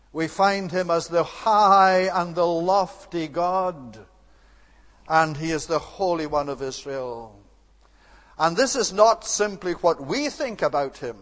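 Male preacher, high-pitched, earnest and emphatic delivery, long hall reverb. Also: fairly bright tone. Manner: earnest, emphatic, rising to rhetorical outbursts. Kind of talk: expository sermon.

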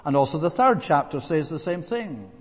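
A man preaching a sermon, emphatic, repeating phrases and slowing down to stress key words. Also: a little high, big pitch swings. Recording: long reverb of a large hall.

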